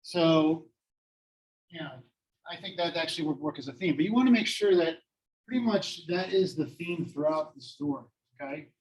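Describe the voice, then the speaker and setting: A man's voice: a little high, moderate pace, darkish tone, poor audio. A man teaching a class in a classroom, talking casually with many fillers and self-deprecating asides.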